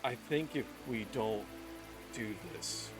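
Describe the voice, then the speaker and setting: A man narrating a tabletop game as game master and speaking for its characters in a quiet, measured way. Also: mid-range voice, over music.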